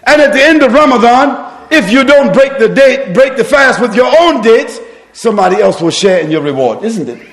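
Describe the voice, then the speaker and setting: A male preacher giving an impassioned sermon in a mosque, firing off rhetorical questions and shouting for emphasis. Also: very high-pitched, animated, normal speed, in a large hall. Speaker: Islamic preacher.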